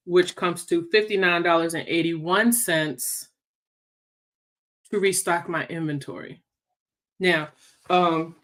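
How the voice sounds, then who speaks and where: A woman leading her sales team's meeting in a casual livestream, chatty and teasing as she works through sums out loud. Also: fairly low pitch. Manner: chatty, teasing, thinks aloud while working sums. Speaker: sales team leader.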